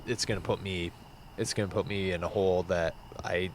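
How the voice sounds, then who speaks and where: Easygoing low-voiced man, hesitant. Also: fairly even intonation, brisk, slight background noise. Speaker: guest cyclist. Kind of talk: casual podcast chat.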